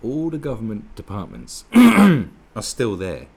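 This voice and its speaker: A man's voice: mid-range voice, wildly swooping pitch, takes it slowly, a little mellow, a little hiss or hum. A man giving a sweary, sarcastic, rambling political rant with many restarts. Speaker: political commentator. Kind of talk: ranting monologue.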